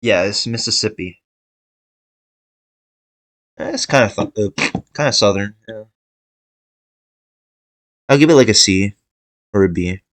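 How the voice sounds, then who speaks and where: Young guy talking thru a tier list, kinda low voice, dry mic, lots of um like I'd say. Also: expressive, unhurried, pauses often, fairly bright tone, no room sound, poor audio. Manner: hesitant, thinking aloud with fillers and restarts. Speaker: video creator ranking states. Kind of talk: casual tier-list commentary.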